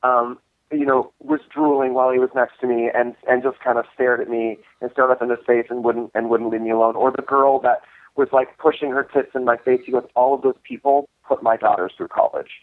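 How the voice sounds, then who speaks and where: A man's voice: mid-range voice, flat delivery, brisk, no echo. Rambling man on a tinny line. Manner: rambling, many restarts and fillers. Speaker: co-host of a cult film screening series. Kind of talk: casual interview storytelling.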